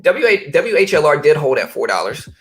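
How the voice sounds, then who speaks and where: Bright-voiced laid-back man, faint Louisiana twang. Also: on the high side, sing-song, brisk. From Baton Rouge, Louisiana. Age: 30s. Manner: rambling, laid-back, says "bro" and "you know". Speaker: trading livestream host. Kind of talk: casual livestream chat. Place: home office.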